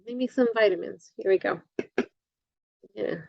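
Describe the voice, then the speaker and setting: A woman instructor giving a recorded lecture, halting often with fillers and correcting herself as she goes. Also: medium pitch, gravelly, no echo, muffled recording.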